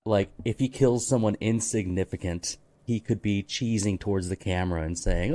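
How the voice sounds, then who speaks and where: A man with a lowish, mellow voice talks through a film in a loose podcast chat. He rambles, restarts his sentences and tosses in "like" often. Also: moderate pace, few pauses. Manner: rambling, full of fillers and restarts, reads out phrases. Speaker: podcast co-host. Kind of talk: casual movie discussion.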